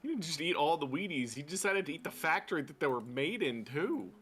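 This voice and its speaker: A man's voice: a little high, lively intonation, brisk, over a noisy crowd. A man playing a tabletop game, joking around casually with plenty of swearing. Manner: joking, profane. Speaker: player.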